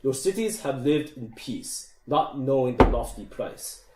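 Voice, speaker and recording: Man putting on a dwarf king, put-on Scottish accent, deep booming speechmaker, stern, echoey room. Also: animated, unhurried, very noisy, natural voice. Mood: stern rallying. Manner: deep booming oratory, lower than his own voice.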